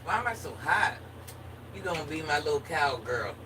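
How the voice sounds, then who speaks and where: A woman's voice: low voice, sing-song, moderate pace, pushed and bright. A woman chatting casually with her viewers in a playful, joking manner. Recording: distant mic with faint background noise.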